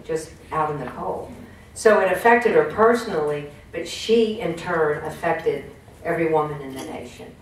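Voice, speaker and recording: A woman giving a folksy motivational talk to a room, often putting questions to the audience. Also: low voice. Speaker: speaker at a women's business network. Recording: echoey room, distant mic, faint noise.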